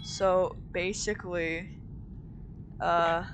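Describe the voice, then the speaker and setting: A woman's voice: lowish voice, steady tone, slight background noise, low-quality recording. A woman telling a story in rambling casual chat, often restarting with "anyway" and snapping back at interruptions. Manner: rambling, lots of "anyway", quick to snap back.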